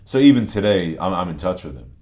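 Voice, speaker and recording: A man from New England, a podcast guest, telling his story in a relaxed way with frequent restarts and a softened New England Italian American accent. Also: low-pitched, quick pace. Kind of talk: conversational interview.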